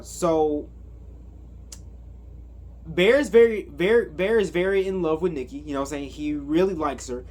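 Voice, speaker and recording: Male reviewer, unhurried, rambling and filler-heavy, slightly high voice. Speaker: movie reviewer. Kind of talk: casual movie recap.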